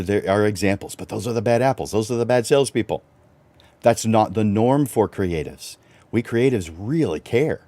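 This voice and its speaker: A middle-aged man hosting a livestreamed business coaching talk for photographers, animated and chuckling, his voice jumping up high for emphasis. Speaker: host and photographer.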